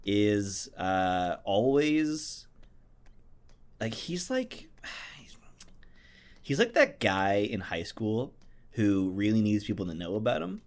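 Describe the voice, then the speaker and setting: A man's voice: lowish voice, very animated, takes it slowly, long pauses. Joking man co-hosting a let's play. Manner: joking, giggly, trails off mid-thought. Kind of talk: casual gameplay commentary.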